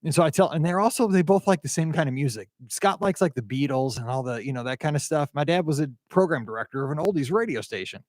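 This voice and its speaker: A man's voice: a little high, lively intonation, fast, hardly any pauses, darkish tone, no echo, studio quality. A middle-aged man from the Midwest hosting a podcast, chatting casually in a rambling, enthusiastic way with frequent restarts. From American Midwest. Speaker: podcast host. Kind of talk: casual chat, reading listener feedback.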